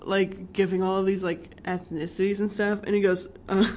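A woman's voice: medium pitch, steady tone, measured pace. A young woman chatting casually about a movie, laughing a lot and rambling with many fillers. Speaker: co-host reviewing a movie. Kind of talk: casual chat.

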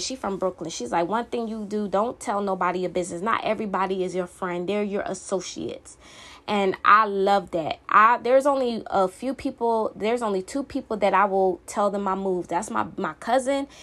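A young woman hosting her own podcast, talking candidly and emphatically in a casual monologue full of fillers. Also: a little high. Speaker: podcast host.

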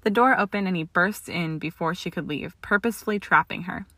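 A woman narrating a story aloud in a steady, expressive audiobook reading. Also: on the low side, brisk, no room sound. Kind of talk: audiobook reading of fan fiction.

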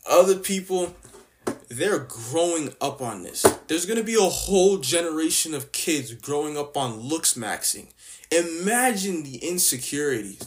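A man's voice: a little high, animated, a little slow, slight background noise. A young man from Canada giving a casual opinion rant, blunt and mocking, full of slang and filler words. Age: young adult. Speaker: vlogger.

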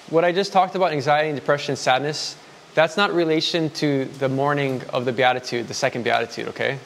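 A man's voice: fairly high pitch, steady tone, a little fast, vocal fry, a little hiss or hum. A man preaching a sermon in a candid, conversational way, acting out prayers and quotes with feeling.

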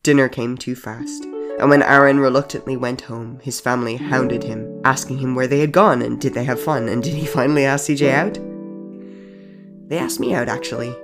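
A man narrating a storybook audio drama in a measured, deadpan way. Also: mid-range voice. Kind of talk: scripted narration. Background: soft music.

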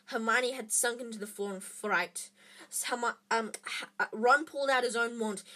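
A woman reading a children's book aloud in an expressive way, with small slips and restarts. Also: a little high, normal speed. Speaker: reader.

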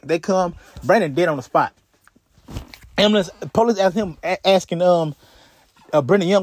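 A man's voice: high-pitched, normal speed, pauses often, dry recording. A man hosting a podcast who tells a crime story in a casual way, profane and slangy, often stalling and repeating himself. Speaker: podcast host.

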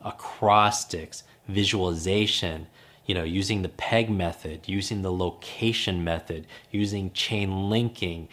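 Deep-voiced man coaching with emphasis. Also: fairly bright tone. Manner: emphatic and coaching, repeating key phrases. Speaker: memory coach hosting a podcast. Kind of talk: instructional podcast talk.

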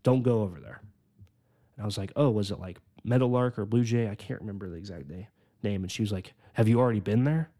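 Young man, low-ish voice, earnest podcast testimony, rambling with fillers. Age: 20s. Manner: earnest, filler-heavy storytelling with many "like"s; slows down and softens on emotional points. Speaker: podcast host. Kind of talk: personal testimony.

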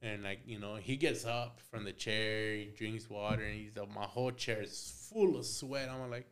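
On a podcast, a young male guest who works as a tattoo artist tells a casual story, playing both sides of the conversation, cursing freely, and tossing in Spanish phrases. His voice is fairly low, with fairly even intonation and a moderate pace.

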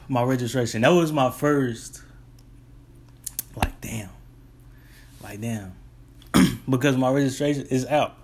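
A young man, casually telling a long rambling story about his delivery job. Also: mid-range voice. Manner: rambling, restarts, relaxed colloquial. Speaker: delivery driver.

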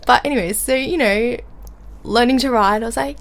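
Animated young woman telling stories. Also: a little high, brisk. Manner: animated storytelling, laughs often. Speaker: podcast co-host. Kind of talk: casual chat.

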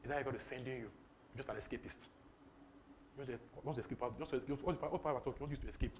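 A young man from Nigeria with a Nigerian English accent, preaching a lively sermon that repeats phrases and slips into pidgin. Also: medium pitch, rapid-fire, a little hiss or hum. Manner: animated, repetitive, breaks into laughter and pidgin.

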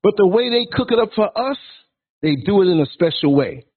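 A man's voice: high voice, animated, brisk, slightly rough. A man in his sixties hosting a podcast, delivering a blunt, provocative, preachy rant. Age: 60s. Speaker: podcast host. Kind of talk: ranting monologue. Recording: tinny phone-like line.

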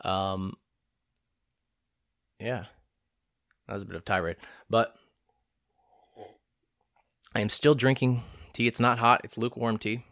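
A man's voice: fairly low pitch, steady tone, unhurried, pauses often, fairly bright tone, dry recording, clean studio sound. A young man in his twenties rambling casually through a self-deprecating, profane monologue as a vlogger.

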